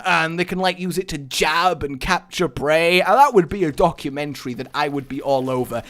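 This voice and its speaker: A man with a somewhat high voice rambling through a gameplay commentary, goofy and playful. He drifts into silly tangents and breaks out into loud, exasperated shouts. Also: moderate pace, hardly any pauses. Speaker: gaming commentator. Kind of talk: playing a game with commentary.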